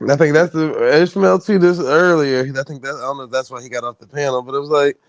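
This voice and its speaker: High-voiced man ranting bluntly. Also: fast, dry recording. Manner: blunt, profane, animated ranting. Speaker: stream host. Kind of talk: casual livestream commentary.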